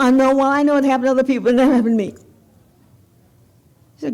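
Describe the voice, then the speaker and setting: An older woman from Evanston, Illinois, giving a commencement speech, telling a personal story in a candid, animated way. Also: high voice, a little fast, long pauses. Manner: candid, animated storyteller, talks straight to the audience. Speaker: commencement speaker. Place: banquet hall ceremony.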